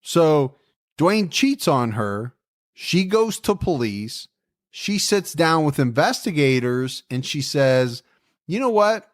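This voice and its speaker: A man's voice: a little high, sing-song, slow pace. Man casually telling a true-crime story. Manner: jokey, conversational storytelling with asides. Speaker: podcast co-host.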